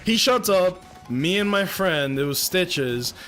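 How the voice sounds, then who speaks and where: A man's voice: high voice, expressive, takes it slowly, fairly bright tone, faint music behind. A young adult man streaming live, ranting with heavy profanity. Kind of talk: casual livestream rant.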